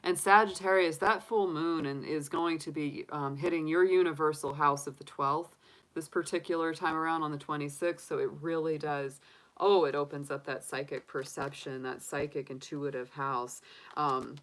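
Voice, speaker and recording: Low-voiced chatty woman. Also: steady tone, moderate pace, a bit bright, poor audio. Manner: chatty, upbeat, filler-heavy. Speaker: tarot reader. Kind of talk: casual livestream reading.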